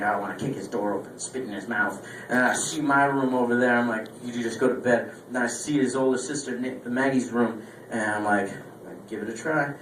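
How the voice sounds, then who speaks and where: A young man performing a stand-up comedy set, telling a story with lively acted-out voices. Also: mid-range voice. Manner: animated storytelling, acting out quoted voices. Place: small club stage. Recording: echoey room, distant mic, faint room noise.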